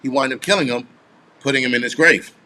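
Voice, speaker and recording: A man's voice: mid-range voice, quick pace, sharp tone. A man in his forties hosting a casual live stream, rambling and swearing as he answers viewers. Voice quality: profane, rambling. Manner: answers viewer comments offhand.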